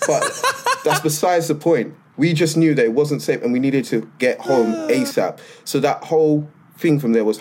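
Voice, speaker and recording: A man co-hosting a podcast, telling stories in a lively, slangy, casual way. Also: fairly low pitch, breathy edge. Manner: animated storytelling with slang. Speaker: podcast co-host. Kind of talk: casual chat.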